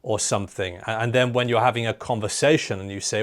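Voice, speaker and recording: A man's voice: lowish voice, steady tone, fast talker. A man hosting an interview in a chatty, casual way, full of "like" and "you know". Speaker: interview host. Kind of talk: conversational interview.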